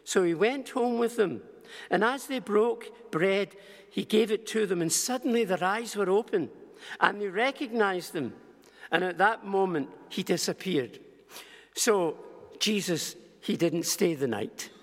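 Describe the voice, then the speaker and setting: Older preacher in a reverberant hall. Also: male voice, high voice, measured pace, fairly bright tone. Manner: storytelling with restarts and acted quotes. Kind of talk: sermon storytelling. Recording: long reverb of a large hall.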